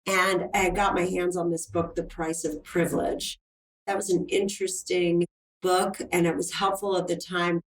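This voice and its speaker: A woman's voice: lowish voice, flat delivery, normal speed. A middle-aged woman talking earnestly and reflectively in a casual interview. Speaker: film producer guest. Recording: roomy, distant mic.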